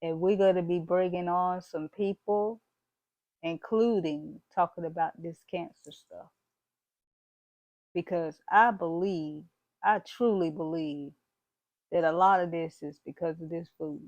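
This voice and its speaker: Speaking at a measured pace in a fairly low, steady, slightly mellow voice, a woman vlogs motivation straight to her viewers with bold, preachy emphasis and plenty of "y'all" and "baby." The recording is dry and lo-fi.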